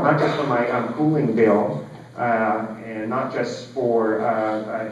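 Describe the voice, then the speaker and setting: A geological scientist in his forties delivers a conference keynote in a large hall, his voice sitting on the low side. He talks conversationally, full of fillers and wry asides, with slight background noise. The recording is echoey, distant and dull.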